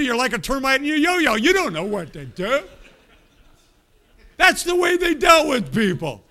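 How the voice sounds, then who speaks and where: A man preaching a sermon, telling a personal story and swinging from quiet asides to loud, emphatic bursts. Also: very high voice, sing-song, unhurried, pauses often.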